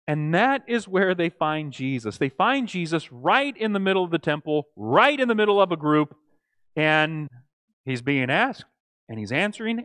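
A man teaching a church Bible study in a lively, conversational way, often acting out quoted lines and checking in with the group. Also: a little high, no echo. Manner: animated, acts out quoted lines, asks the group "right?".

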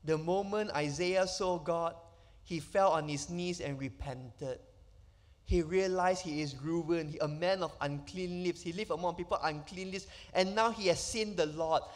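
In a church sanctuary whose hall rings with long reverb, a man from Malaysia preaches emphatically, firing off rhetorical questions. He speaks at a measured pace in a slightly high voice.

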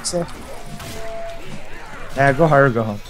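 Male gamer, playful and giggly, lively voice chat, soft music bed. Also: mid-range voice, takes it slowly. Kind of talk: casual co-op gaming chat.

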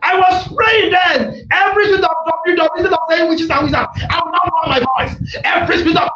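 High-voiced man preaching fervently. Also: rapid-fire, sharp tone. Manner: fervent, declaring and repeating phrases. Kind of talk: shouted prayer-meeting sermon. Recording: echoey, dull lo-fi with faint noise.

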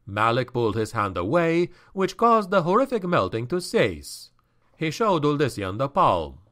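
A man narrating a dark fantasy novel in a slow, dramatic and expressive audiobook reading. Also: fairly high pitch.

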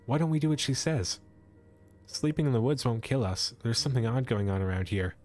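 A man's voice: medium pitch, animated, a little fast, darkish tone, lightly acted. A man voicing a wry, teasing male creature companion in a storybook adventure, in a voice close to his own.

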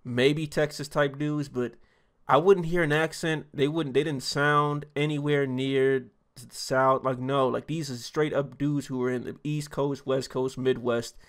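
A man's voice: mid-range voice, fairly even intonation, unhurried. A man giving a loose, chatty reaction commentary as a YouTuber, laughing often as he talks.

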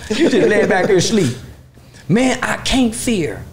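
A man's voice: high voice, big pitch swings, measured pace, slight background noise. A man talking boldly and emphatically as a guest in a casual interview. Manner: bold, boastful, emphatic.

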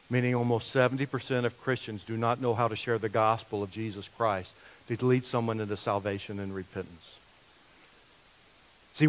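A middle-aged male guest pastor preaching a sermon, telling stories loudly, then dropping to a hushed, intense tone. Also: medium pitch, low-quality recording.

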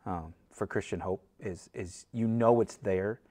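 A man's voice: on the low side, measured pace, darkish tone. A man taking part in a group Bible study, adding thoughtful comments and friendly jokes. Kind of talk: casual group discussion.

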